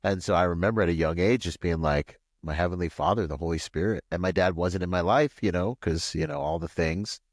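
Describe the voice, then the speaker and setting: A man from Washington State, a podcast guest, telling a long personal story in a rambling, animated way full of "like" and "you know.". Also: a little fast, hardly any pauses, no echo, clean studio sound. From Washington State, USA. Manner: acts out quoted voices with pitch jumps. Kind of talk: casual storytelling interview.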